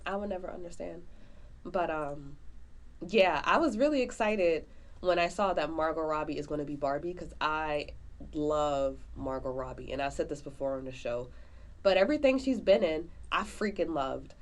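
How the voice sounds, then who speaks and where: A woman's voice: low voice, animated, moderate pace. Slangy, gushing woman podcast co-host. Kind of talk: casual movie review chat.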